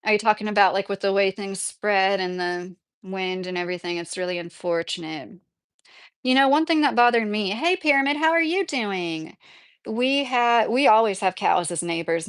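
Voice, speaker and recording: A woman's voice: medium pitch, clean tone. A woman hosting a casual livestream, chatting in a rambling way and answering viewers by name. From Kentucky. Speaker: livestream host reading viewer comments. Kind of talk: casual live-chat talk.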